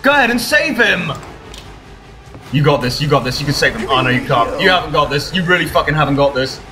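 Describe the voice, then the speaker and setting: A young man streaming a horror game live, excitably swearing and yelling at his teammates. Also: medium pitch, quick pace, music in the background. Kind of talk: live gameplay commentary.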